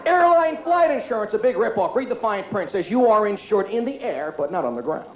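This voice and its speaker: A man doing a brash, loud stand-up comedy routine in a comedy club. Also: high-pitched, very animated, brisk, background noise. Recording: echoey club, lo-fi tape, loud crowd.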